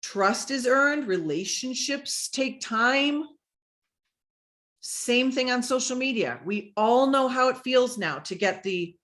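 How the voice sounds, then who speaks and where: A woman business coach giving a lively, conversational talk about selling on social media, acting out sample messages as she goes. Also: fairly high pitch, takes it slowly.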